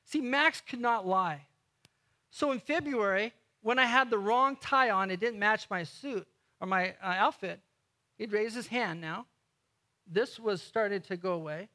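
A man with a high, bright voice delivers a sermon as a lively storyteller. He climbs into loud bursts, then drops to slow, hushed lines to land a point. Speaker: guest preacher.

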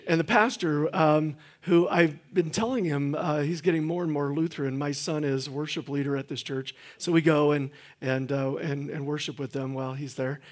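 A man's voice: fairly high pitch, fairly even intonation, normal speed, hardly any pauses. A middle-aged man preaching a sermon in a church, folksy and joking, with lots of fillers and restarts. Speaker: guest pastor. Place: church sanctuary.

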